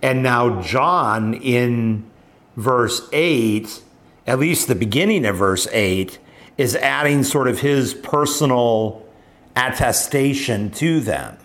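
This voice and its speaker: A man teaches a scripture passage at an unhurried, deliberate pace. His voice sits at an ordinary middle pitch, and he often pauses with fillers and restarts as he thinks aloud. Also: fairly bright tone. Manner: thoughtful, halting, many "um"s and restarts. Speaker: Bible study leader.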